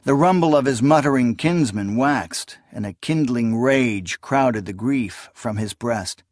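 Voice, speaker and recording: Male audiobook narrator, mid-pitched, steady and measured, dry close recording. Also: no echo. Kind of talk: scripted fantasy narration.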